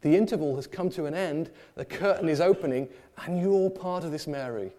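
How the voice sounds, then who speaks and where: A man preaching a sermon in a church, lively and humorous, acting out the people in the story. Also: fairly high pitch, brisk.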